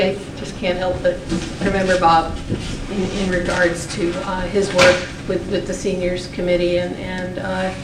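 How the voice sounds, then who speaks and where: A woman running for town board, answering in a measured way with frequent fillers. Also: medium pitch. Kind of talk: unscripted forum answer. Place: public meeting hall. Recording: roomy hall, far from mic, noisy.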